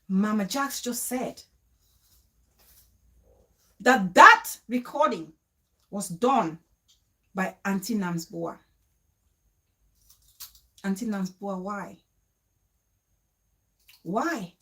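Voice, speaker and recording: A woman vlogger telling a story to camera in a casual way, emotional and pleading, with quick bursts and repeated questions. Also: fairly high pitch, animated, bright, forceful tone.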